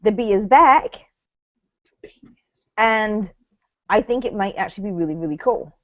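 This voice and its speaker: A woman's voice: medium pitch, expressive, a little slow, no room sound, highs cut off. Blunt, opinionated woman co-host. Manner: blunt, opinionated, swears freely. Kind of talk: casual reality TV chat.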